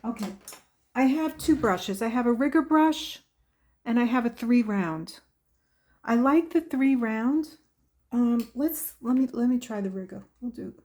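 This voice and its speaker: A woman demonstrates painting at an unhurried pace, her voice slightly high and soft in tone. She chats to the viewer and mutters to herself as she works. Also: expressive. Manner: slow, chatty, talks to herself while working. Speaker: art tutorial host.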